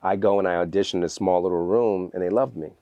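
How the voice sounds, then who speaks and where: Brief: low-pitched male guest, energetic storyteller, dry studio sound. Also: fast talker, dry recording, lo-fi sound. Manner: energetic, animated storyteller acting out quotes. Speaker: guest, fitness trainer. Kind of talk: storytelling in a podcast interview.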